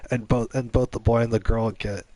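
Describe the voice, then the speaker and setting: A man's voice: medium pitch, fairly even intonation, brisk, mellow, no echo, rough recording. A man hosting a gaming channel, making up a long story on the spot, rambling with many restarts.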